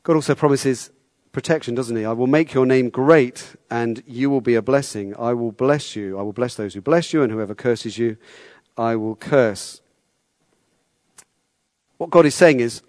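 A man's voice: mid-range voice, moderate pace, a little mellow, no echo. Conversational male preacher, dry sound. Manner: conversational, repeats words, asks the listeners questions. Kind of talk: sermon.

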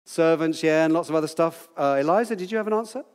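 A man's voice: on the high side, fast, clear, resonant tone, big-room sound. Chatty older man teaching scripture. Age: 60s. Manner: chatty, playful, asks the group questions. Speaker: Bible teacher. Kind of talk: informal Bible teaching to a group.

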